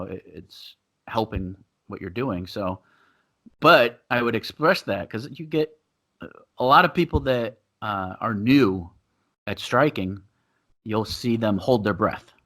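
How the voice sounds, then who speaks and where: A man's voice: on the low side, expressive, measured pace, a bit bright. Rambling, laughing man on a podcast. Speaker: podcast co-host and Muay Thai coach. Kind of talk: casual chat. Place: living in Thailand.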